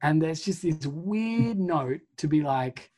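Chatty man with a husky voice. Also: a little high, lively intonation, slow pace, a little mellow. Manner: chatty, filler-heavy, swears freely. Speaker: podcast co-host. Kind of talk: casual retelling of a film plot.

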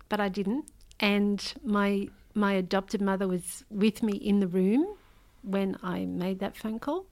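Interviewed as a memoir author, a middle-aged Australian woman recounts a painful personal story earnestly and hesitantly, often pausing and starting over. Her voice is medium-pitched with a darkish tone.

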